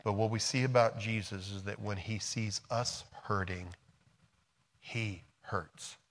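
A middle-aged American man preaching a sermon, moving between quiet, soft passages and loud, emphatic storytelling. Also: fairly low pitch, steady tone, normal speed. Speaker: pastor.

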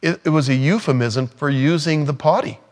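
Here a man gives a sermon at a moderate pace, his fairly high voice a little mellow. As a pastor he keeps it conversational and sarcastic, performing quotes along the way.

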